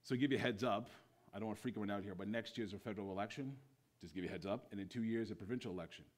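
A man preaching a sermon as pastor in a church, swinging between loud bursts and hushed lines. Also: lowish voice, very fast.

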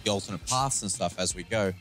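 A man's voice: low-pitched, quick pace, fairly bright tone, a little hiss or hum. A man playing a video game and chatting, muttering at the screen and swearing when it goes wrong. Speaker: co-host and player of a gameplay channel. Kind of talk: casual gameplay commentary.

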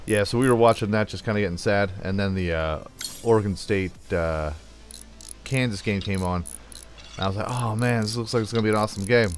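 A young man hosts a let's play, spinning rambling, jokey stories into a desk mic as he plays, with small sound effects mixed in. His voice sits on the low side and moves fairly quickly, with soft music in the background.

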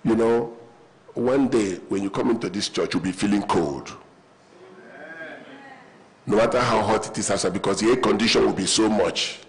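A man's voice: lowish voice, normal speed, long pauses, low-quality recording. A man preaching a sermon in a church auditorium, telling humorous stories and calling the congregation to respond. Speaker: pastor.

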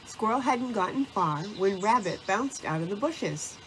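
A woman narrating a children's storybook, reading in a slow, deliberate way. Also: medium pitch, animated, slight background noise.

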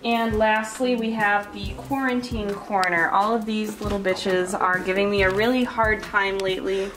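Touring her houseplants on a laid-back home show she co-hosts, a young woman speaks in a mid-range, steady voice at normal speed. She's chatty, pokes fun at herself, and drops crude remarks. Music plays behind a roomy, distant recording.

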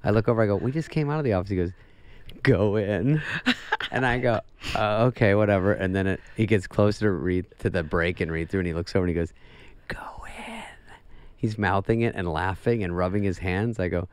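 A middle-aged male comedian telling anecdotes in a radio interview, deadpan and acting out what people said. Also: low voice, quick pace, clear, resonant tone, no echo. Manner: deadpan storytelling, acts out quotes. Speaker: comedian guest.

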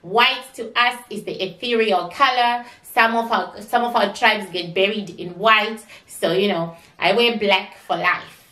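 A woman's voice: medium pitch, a little slow, pushed and bright. A woman giving a spiritual psychic reading in a chatty, repetitive, exclamatory way, recorded from a distance in an echoey room. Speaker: psychic reader.

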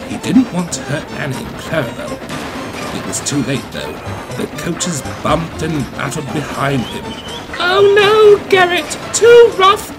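Male storybook narrator, gentle, lively pitch, music underneath. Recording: music playing behind.

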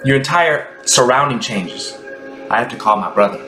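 A man giving a rambling, ecstatic spiritual monologue that sometimes drops into hushed whispers. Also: medium pitch, expressive, moderate pace. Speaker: Christian content creator. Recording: echoey room with music behind.

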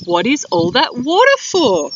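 A know-it-all storybook platypus hands out brisk advice in a slightly raised voice. A woman with an Australian accent voices him. The sound is dull and lo-fi, with wind in the background. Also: sits high, wildly swooping pitch, full character voice.

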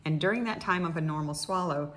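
A middle-aged woman speech therapist calmly leading guided voice exercises, pausing with frequent fillers. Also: sits low. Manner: calm instructional, with many fillers. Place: indoors in Costa Rica, wind outside.

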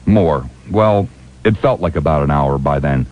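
A male radio talk show host reading a printed interview aloud on air in a plain, measured way, announcing each speaker flatly. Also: very deep voice. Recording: dull lo-fi radio broadcast.

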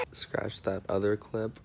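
Man, very low voice, tired and jet-lagged, self-mocking vlog chatter, handheld camera. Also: vocal fry, a little hiss or hum. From Minnesota, US. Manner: self-mocking, rambling, laughs between lines. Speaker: vlogger. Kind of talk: casual vlog chat to camera. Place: traveling, indoors and out.

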